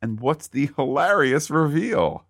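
A man co-hosting a podcast, chatting casually and eagerly about a TV episode, often rising into excited bursts. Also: a little high, measured pace, no echo, studio quality. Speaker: podcast co-host.

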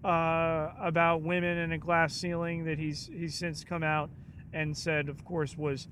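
A man with a fairly high voice co-hosting a casual podcast. He talks very slowly and hesitantly, with dry, sarcastic humor. Faint room ambience can be heard behind him. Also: level tone, fairly bright tone, a little hiss or hum. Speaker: podcast co-host. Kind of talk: casual chat.

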